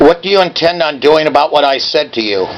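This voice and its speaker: A man's voice: a little high, lively intonation, fast, muffled recording, slight background noise. A man in his seventies calling an office and berating the person on the line, confrontational and badgering. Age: 70s. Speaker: caller. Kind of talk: angry phone call.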